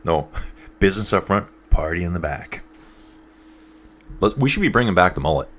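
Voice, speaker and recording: A man's voice: deep voice, animated, moderate pace, fairly bright tone. A man with a stuffed-up voice giving casual live commentary on a bike race and reading out viewer comments. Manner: chatty, reads out viewer comments.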